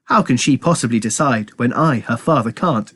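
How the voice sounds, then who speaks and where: A man reading aloud and voicing a hearty, loud middle-aged village father with a booming, theatrical manner. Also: normal speed, husky. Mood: jovial.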